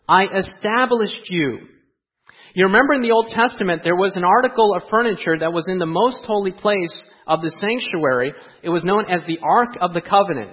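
A man preaching a sermon in a church, asking the congregation rhetorical questions and moving between quiet asides and raised emphasis. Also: high voice, slightly rough, dull audio. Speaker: pastor. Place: church sanctuary.

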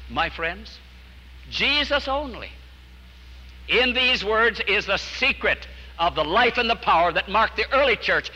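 Bright, lively-voiced preacher telling stories. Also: male voice, high-pitched, long reverb tail, low-quality recording. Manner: earnest, storytelling preacher who drops to a hush at key lines. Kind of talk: storytelling sermon.

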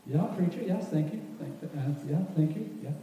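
A man's voice: a little high, lively intonation, fairly quick, warm tone, dull audio, slight background noise, natural voice. A man doing a shy, dry-witted farmer. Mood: awkward. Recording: echoey hall from far off.

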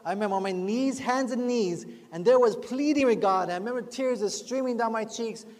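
High-voiced man preaching in a reverberant hall. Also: brisk, darkish tone. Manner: earnest, conversational preaching with rhetorical asides. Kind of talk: sermon. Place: church. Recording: long hall reverb, faint music behind.

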